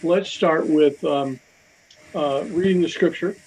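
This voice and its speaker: Guy leading a bible study, kinda high and gravelly, lots of ums and restarts, bit of hiss behind. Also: slow pace, a little mellow, poor audio. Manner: conversational, with frequent fillers and restarts. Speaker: Bible teacher. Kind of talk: casual Bible study teaching.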